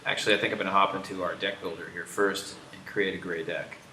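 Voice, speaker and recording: A man's voice: low-pitched, level tone, fast talker, pushed and bright, slight background noise. Joking American man in an echoey room. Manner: joking, teasing, explains features. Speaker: game developer hosting a stream. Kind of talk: casual livestream chat.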